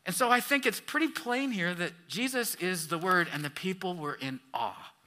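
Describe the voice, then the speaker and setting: A man's voice: high-pitched, lively intonation, moderate pace, sharp tone. A man pastor preaching a sermon, reading scripture and asking questions of the congregation with emphatic rises and falls.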